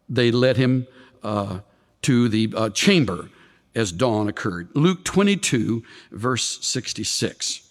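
A male preacher giving an expository sermon, animated, with dramatic swings of voice when he quotes. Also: long reverb tail. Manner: animated, dramatic shifts in pitch when quoting.

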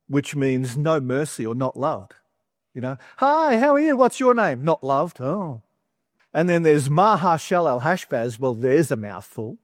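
A man teaching from the Bible in a relaxed, chatty way, with light playful asides between the verses. His voice sits in an ordinary middle pitch. It is recorded close and dry, with almost no room sound. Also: no room sound. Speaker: preacher.

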